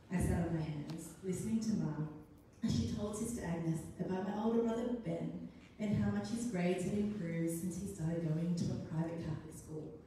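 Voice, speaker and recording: A woman, a writer, reading her own story aloud expressively at a live arts event. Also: lowish voice. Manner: expressive, first-person storytelling. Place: arts centre event room. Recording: echoey room, distant mic, faint noise.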